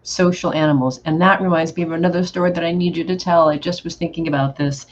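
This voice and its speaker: A woman's voice: lowish voice, fairly even intonation, fast talker. A woman hosting a podcast interview, an affirming listener who prompts her guest for stories. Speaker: podcast host. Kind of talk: casual interview conversation. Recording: dull lo-fi audio with faint noise.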